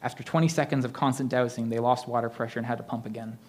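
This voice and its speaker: A man's voice: mid-range voice, steady tone, fast, darkish tone. Man reading a spooky story aloud. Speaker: open mic reader.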